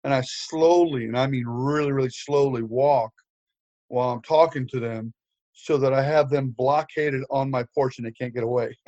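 A man's voice: medium pitch, darkish tone, no echo, highs cut off. An older man preaching, telling a story with humor, with frequent fillers and restarts. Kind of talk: storytelling sermon.

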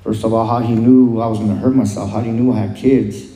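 Man, testimony style, very mellow dark tone, hesitant delivery. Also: lowish voice, steady tone. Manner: halting, full of "um" and "you know". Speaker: guest sharing his recovery story. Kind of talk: personal testimony. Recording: roomy echo.

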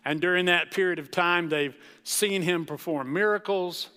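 A man preaching a sermon as pastor, slow and emphatic, with dramatic pauses. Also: high voice, sharp tone, smooth. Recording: long reverb of a large hall.

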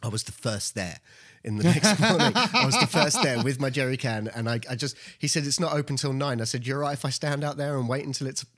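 Rambling podcast co-host. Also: male voice, medium pitch, animated, brisk, fairly bright tone. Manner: rambling, restarts often, laughs easily. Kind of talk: casual chat.

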